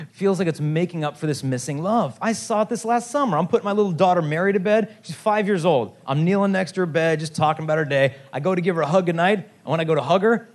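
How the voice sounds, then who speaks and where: A man's voice: fairly high pitch, a little fast. A man in his thirties speaking to a teen assembly, telling jokey stories and talking straight to the crowd. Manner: lively, jokey, addresses the crowd directly. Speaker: youth chastity speaker. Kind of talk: animated storytelling talk to a teen assembly.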